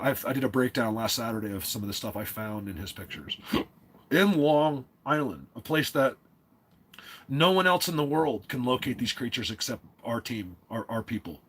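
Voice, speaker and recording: A man's voice: medium pitch, fairly bright tone, slightly rough. A man from New Jersey hosting a casual livestream, rambling along with lots of fillers and restarts. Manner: rambling, filler-heavy, self-interrupting. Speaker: livestream host.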